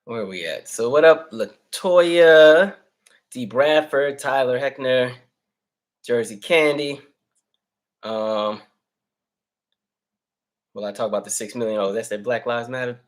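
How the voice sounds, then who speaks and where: A man's voice: mid-range voice, takes it slowly, pauses often. Male host doing laid-back live chat with viewers, slightly winded, easygoing delivery. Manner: relaxed, chatty, reads viewer names aloud. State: out of breath. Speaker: livestream host. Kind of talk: casual livestream chat.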